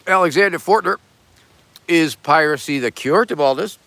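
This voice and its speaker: An older man hosting a casual livestream, reading viewer messages with deadpan absurd jokes and bursts of loud begging for donations. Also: a little high, moderate pace, dry recording. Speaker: livestream host reading super chats.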